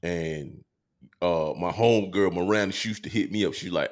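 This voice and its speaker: Podcast host guy, lowish voice, laid back, rambles with lots of "man" and "you know". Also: fairly quick. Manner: relaxed, meandering storytelling with many fillers. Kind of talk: casual chat.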